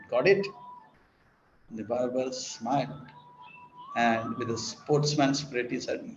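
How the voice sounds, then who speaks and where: Male spiritual teacher, sermon storytelling, very slow and deliberate, in a roomy, muffled recording. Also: mid-range voice, fairly even intonation, over music. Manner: slow, deliberate, with long pauses. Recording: dull, echoey room with faint noise.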